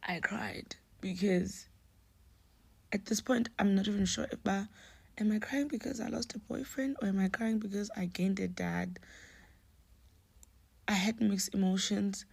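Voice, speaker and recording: A young woman telling a personal story in a hushed, often half-whispered voice, slipping Nguni words into her English. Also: medium pitch, vocal fry, slightly rough, no room sound. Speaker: storyteller vlogger.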